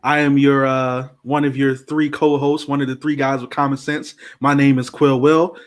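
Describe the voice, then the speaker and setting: A man's voice: mid-range voice, level tone, normal speed. A man hosting a podcast, playfully introducing his co-hosts in casual banter. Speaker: podcast host.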